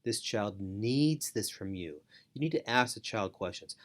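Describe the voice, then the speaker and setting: With a lowish, slightly bright voice, a middle-aged man teaches parents in an animated but unhurried way, barely pausing. He's a foster parent and parenting educator whose earnest talk repeats key phrases for emphasis.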